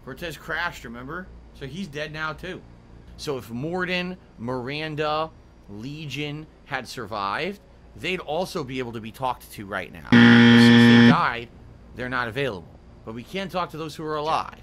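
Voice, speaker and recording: Male gameplay commentator, excitable and ranting, fairly high and very lively voice. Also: normal speed, a little hiss or hum. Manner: excitable, laughing, ranting, mock-outraged.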